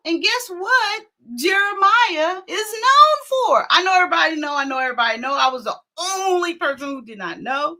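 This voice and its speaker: Animated laughing woman storyteller, bright high voice. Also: normal speed, few pauses. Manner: animated, laughs often, acts out quotes. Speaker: talk show host. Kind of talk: casual storytelling.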